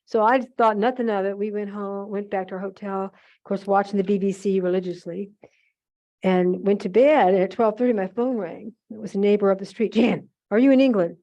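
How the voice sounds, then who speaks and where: A woman's voice: mid-range voice, fairly even intonation, a little fast, mellow, dull audio. An older woman from the United States, a chatty storyteller who acts out the other voices while she demonstrates a craft. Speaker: craft demonstrator at a museum holiday event.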